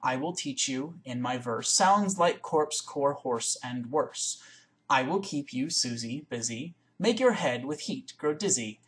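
A woman reading a poem aloud in one take into a webcam, with careful, deliberate, word-by-word recitation. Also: very deep voice, expressive. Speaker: reader.

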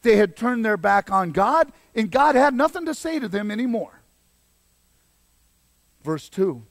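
A man preaching a sermon as pastor, swinging between loud exhortation and quiet emphasis. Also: high-pitched, sing-song, measured pace, creaky, pauses often, no echo.

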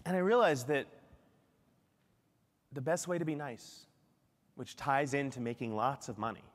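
A middle-aged man giving a lively, self-deprecating keynote talk at a conference. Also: medium pitch, measured pace, long reverb tail. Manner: animated, self-deprecating storytelling. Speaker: keynote speaker. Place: large conference hall.

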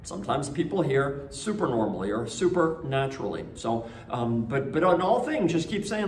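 A man's voice: mid-range voice, very animated, moderate pace, few pauses, slight background noise. A man preaching a conversational homily at a school Mass, telling stories with frequent restarts. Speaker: priest. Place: church. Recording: echoey church.

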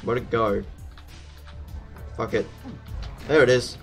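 A man's voice: mid-range voice, fairly even intonation, takes it slowly, gravelly, fairly bright tone, soft background music. Jumpy swearing man narrating gameplay. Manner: jumpy, swears at enemies, thinks aloud. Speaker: gameplay commentator. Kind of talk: let's play commentary.

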